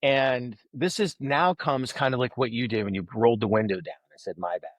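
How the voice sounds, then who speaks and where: A man tells a story in casual conversation, with an ordinary mid-range pitch and lively delivery. He slips into the voices of the people he quotes. The sound is dry and close, with no room echo. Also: a little fast. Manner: animated storyteller who acts out quoted voices. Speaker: podcast guest, author.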